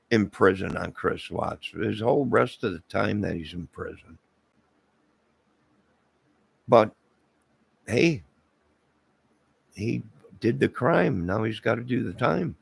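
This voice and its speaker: Man, very gravelly husky voice, rambling casual commentary, dry close sound. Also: medium pitch, no room sound. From Illinois. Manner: rambling, with fillers and asides. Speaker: channel host.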